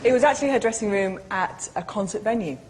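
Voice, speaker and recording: A woman's voice: medium pitch, fast, slightly rough. A woman guest on a comedy panel show, telling a story hesitantly while searching for words.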